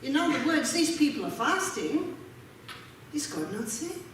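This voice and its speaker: High-voiced woman preaching in an echoey hall. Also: big pitch swings, a little slow, fairly bright tone, distant mic, a little hiss or hum. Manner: asks the audience rhetorical questions. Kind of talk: sermon reading and explaining scripture.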